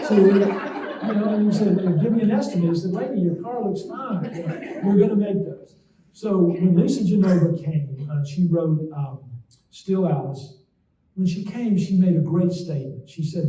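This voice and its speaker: A man's voice: high-pitched, mellow. A middle-aged man, a memory doctor giving a casual talk with folksy anecdotes and frequent "okay?" asides. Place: talk to an audience in a hall. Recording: roomy, distant, dull lo-fi sound.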